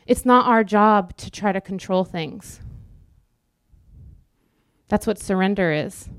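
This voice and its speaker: A woman's voice: mid-range voice, measured pace, long pauses, no room sound, studio quality. A woman preaching a sermon, emphatic and repetitive, acting out quoted inner voices.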